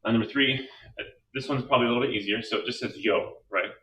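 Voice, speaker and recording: A man teaching a slow, patient language lesson, talking through each step of his reasoning. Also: mid-range voice, sharp tone, far from the mic, a little hiss or hum, low-quality recording. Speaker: Spanish teacher.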